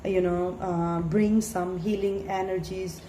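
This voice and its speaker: A woman talks through a spiritual tarot reading in a mellow, warm voice, earnest and gently pleading. She leans on "you know" as she goes. The recording is roomy and echoey, with a faint ambient hiss behind her. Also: on the low side, fairly even intonation, slow pace. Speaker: tarot reader.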